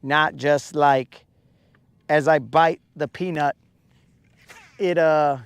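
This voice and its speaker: Man, live fishing stream host, slow drawn-out talk, rambling and jokey, dry sound. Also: a little high, fairly even intonation, clean tone, no echo. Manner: rambling, jokey, self-mocking, answers chat questions. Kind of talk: casual live-stream chat while fishing. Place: outdoors on a boat on a lake.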